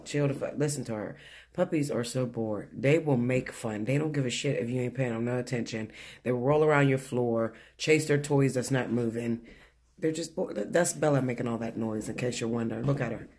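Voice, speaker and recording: A man's voice: medium pitch, brisk, a little mellow, slight background noise. Blunt, foul-mouthed male tarot reader. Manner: blunt, profane and chatty, laughs often. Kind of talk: casual weekly tarot reading. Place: living room at home.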